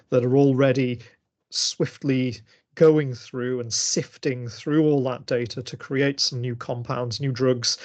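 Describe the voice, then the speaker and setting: A man giving an online masterclass talk and answering questions on a video call, thinking aloud with many fillers and restarts. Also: medium pitch. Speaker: lecturer.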